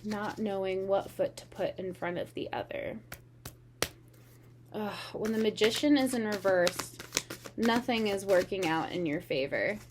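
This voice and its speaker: Slow, meandering woman reading tarot. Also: mid-range voice, background noise. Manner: meandering, earnest, slow and unhurried. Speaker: tarot reader. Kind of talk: casual spiritual reading.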